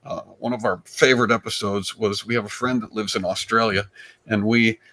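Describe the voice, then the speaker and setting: A man, a comedian guest, telling stories in a rambling, animated way with frequent restarts. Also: lowish voice, fairly quick. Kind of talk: casual storytelling chat.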